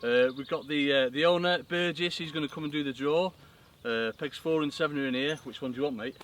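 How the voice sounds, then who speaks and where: A man's voice: a little high, brisk. A man with a jokey, matey way of talking, hosting a fishing challenge outdoors at a lake. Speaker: angler and show host. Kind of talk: chatty on-camera commentary. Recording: distant outdoor mic with loud noise.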